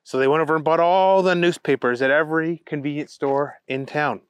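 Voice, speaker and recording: A man reading a silly story aloud as a playful narrator, slowing down for comic emphasis. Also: fairly high pitch, steady tone, clear, resonant tone, no room sound.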